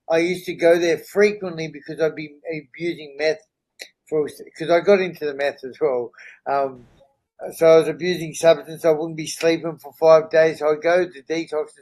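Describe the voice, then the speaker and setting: A middle-aged man speaks as a podcast guest, his voice sitting a bit higher than most men's. He tells his story in a candid, earnest way, and he often pauses to check in with the listener. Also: a little mellow, low-quality recording. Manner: earnest, checks in with "right?" and "you know?".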